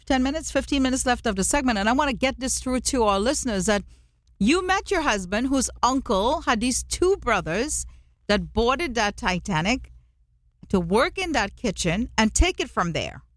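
A woman's voice: a little high, sing-song, moderate pace, dry recording. A woman hosting a radio talk show, asking long run-on questions and summing up the guest's story for her listeners. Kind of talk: radio interview.

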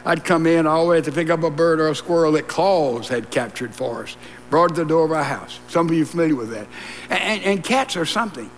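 A man's voice: fairly high pitch, quick pace. A man preaching a sermon, emphatic and repetitive, with asides to the congregation. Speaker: pastor. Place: church sanctuary. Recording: long reverb and mains hum in a church.

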